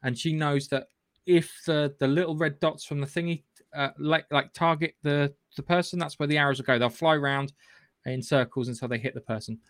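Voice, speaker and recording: A man's voice: on the high side, steady tone, brisk, fairly bright tone, no echo, clean studio sound. A man hosting a podcast, retelling a film in a rambling, swearing, casual way with lots of restarts. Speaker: podcast host. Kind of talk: casual film recap chat.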